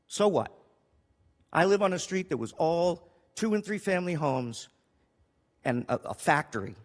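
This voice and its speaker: A city councilor speaking with emotion and frequent restarts during a council meeting. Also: male voice, on the high side, big-room sound. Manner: emotional, pleading, with restarts and repetition. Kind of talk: impassioned council meeting speech. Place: council chamber.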